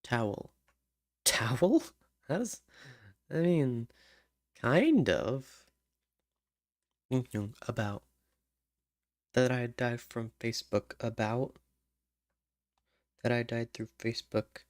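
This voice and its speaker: Slow, muttering man hums lyric ideas. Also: medium pitch, animated, dry recording, studio quality. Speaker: songwriter. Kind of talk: thinking aloud while writing lyrics.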